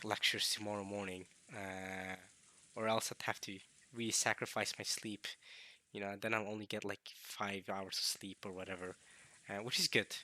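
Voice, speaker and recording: A young man hosting a late-night let's play, tired and strained, rambling along with coughs, throat-clearing and halting restarts. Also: on the low side, sharp tone, no echo. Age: young adult.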